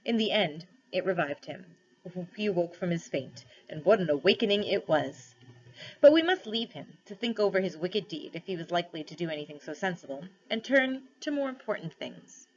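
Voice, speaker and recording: A woman's voice: fairly low pitch, animated. A woman teacher reading a novel aloud to her class, stopping to set questions. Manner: storytelling read-aloud with pauses for questions. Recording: dull lo-fi recording.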